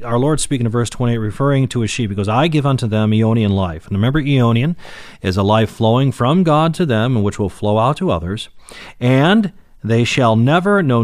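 A man giving a recorded Bible teaching, unhurried, with many fillers and restarts, stressing key words. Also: medium pitch, dry recording, studio quality.

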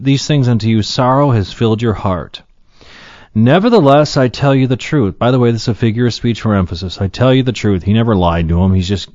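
A man giving an earnest Bible teaching, slowing down to read Scripture aloud and then explaining each verse. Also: medium pitch, a little mellow, no echo, dull audio. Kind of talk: sermon-style Bible teaching.

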